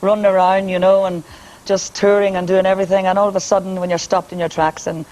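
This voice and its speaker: A woman's voice: medium pitch, flat delivery, fast talker, darkish tone, low-quality recording. A woman with a Northern Irish accent and a powerful speaking voice, chatting and joking as a guest on a TV interview. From Northern Ireland. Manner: brassy, joking, laughs often. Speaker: singer and entertainer guest.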